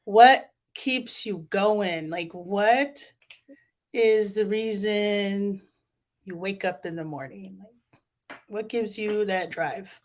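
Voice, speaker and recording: A woman's voice: medium pitch, slow. A woman hosting a casual interview, asking questions and encouraging her guest. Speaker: interview host.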